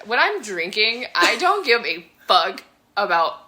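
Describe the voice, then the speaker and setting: A woman in her twenties from New Mexico, co-hosting a podcast and telling stories in an animated, profane way. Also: medium pitch, measured pace. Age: 20s. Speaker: podcast co-host. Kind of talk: casual chat.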